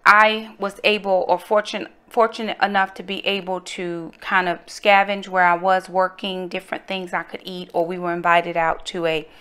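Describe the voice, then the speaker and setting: A middle-aged woman from North Carolina, telling a personal story in a casual, animated way and calling her viewers y'all. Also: fairly low pitch, moderate pace, hardly any pauses, clean tone. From North Carolina, USA. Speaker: vlogger, mother.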